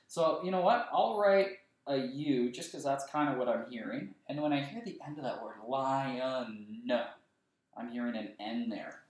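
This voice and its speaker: A male kindergarten teacher leading a writing lesson for young children, slowly sounding out words letter by letter. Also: medium pitch, expressive. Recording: roomy echo, voice a bit far from the mic.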